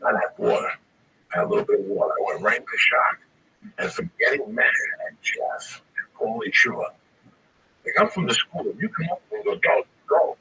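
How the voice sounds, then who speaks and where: A man's voice: medium pitch, huge pitch swings, fairly quick, vocal fry, pushed and bright. A male comedian telling a rambling, profane story full of swearing, recorded on a distant mic with faint background noise. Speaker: stand-up comedian.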